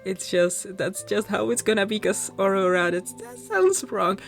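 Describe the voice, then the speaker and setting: A woman's voice: mid-range voice, sing-song, moderate pace, gravelly, soft background music. A woman hosting a gaming channel, chatting casually over game play with a sore throat and a candy in her mouth, rambling and apologetic. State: sucking a mint candy, slight mouth sounds; sore throat, coming down sick.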